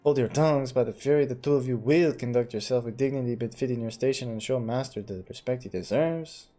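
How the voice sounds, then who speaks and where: A man voicing a stately older count, reading game dialogue in a formal, measured way. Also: medium pitch, dark tone, faint music behind, lightly acted. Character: stately older male count, grave host.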